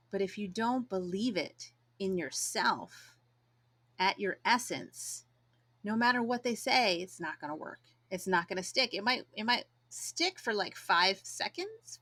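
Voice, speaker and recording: Bright-voiced woman podcast host. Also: mid-range voice. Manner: casual and reflective, acts out quoted voices. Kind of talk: solo podcast talk.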